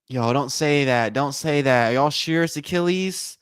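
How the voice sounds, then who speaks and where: A man's voice: medium pitch, unhurried, few pauses, smooth, no room sound, studio quality. A man hosting a live watch party stream, giving loose play-by-play commentary and talking straight to his viewers. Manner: casual, repetitive, addresses viewers as y'all.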